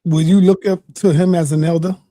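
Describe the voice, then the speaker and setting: A man's voice: a little high, level tone, fairly quick, mellow, no echo, studio quality. A man moderating a streamed debate, pressing a guest with pointed questions.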